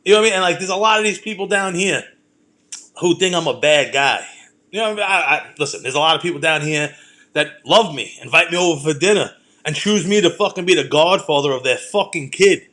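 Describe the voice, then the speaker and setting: There's an expressive, brisk sharpness to this Brooklyn podcast host's fairly high voice. The middle-aged man runs his own show casually, telling heated stories in a rambling, profane monologue.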